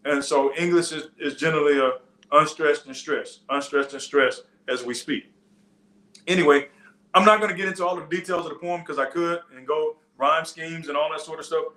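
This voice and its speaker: A man's voice: fairly high pitch, normal speed, sharp tone, roomy sound. A man preaching a sermon in a loose, conversational teaching style, with frequent restarts and side stories. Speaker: pastor. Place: church.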